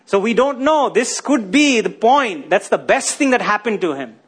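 Husky high-voiced preacher man. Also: animated, moderate pace. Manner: rhetorical questions to the congregation, tag questions like "isn't it?". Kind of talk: sermon.

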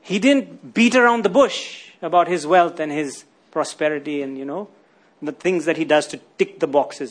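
A man's voice: fairly high pitch, expressive, moderate pace. A man preaching a sermon, often asking his listeners rhetorical questions and tagging lines with "isn't it?".

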